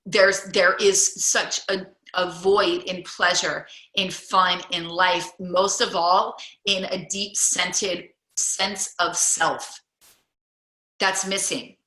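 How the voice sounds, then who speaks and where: Rambling woman coach, lowish bright voice, echoey room. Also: flat delivery, slow pace. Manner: rambling, many restarts and fillers. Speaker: coach leading a group call. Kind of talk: casual storytelling to a group.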